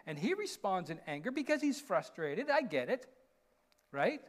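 A man's voice: high-pitched, big pitch swings, measured pace. A man preaching a sermon as a pastor, often asking his listeners questions and checking in with them. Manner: asks the congregation rhetorical questions, tags lines with "right?".

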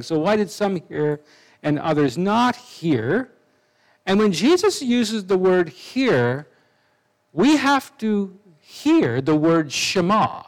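Male preacher, fairly high voice, animated, chatty sermon with asides. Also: poor audio. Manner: conversational, with asides and restarts.

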